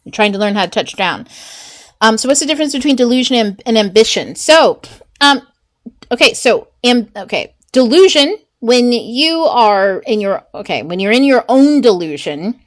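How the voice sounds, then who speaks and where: A woman's voice: on the high side, lively intonation, moderate pace. A woman host and mindset coach teaching in a casual, chatty way, swearing freely and laughing through rambling asides.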